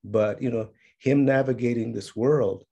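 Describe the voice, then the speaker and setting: A middle-aged man telling family stories in a reflective conversation, slipping Spanish phrases in among many fillers and growing animated as he goes. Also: medium pitch, unhurried, husky, lo-fi sound. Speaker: speaker sharing his life's work.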